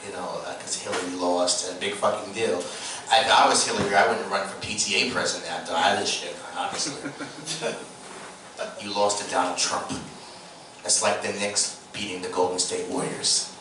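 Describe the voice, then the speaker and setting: A man's voice: deep voice, moderate pace. A man hosting a stand-up comedy show, rambling with loose, crude jokes. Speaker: host. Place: comedy club. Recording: echoey club from far off with room noise.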